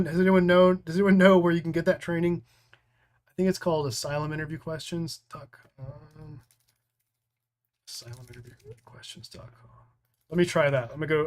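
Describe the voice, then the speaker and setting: A man from the United States with an American accent, hosting a live training stream, reading out viewer comments and answering them in a loose, rambling way. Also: on the high side. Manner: rambling, full of restarts and fillers.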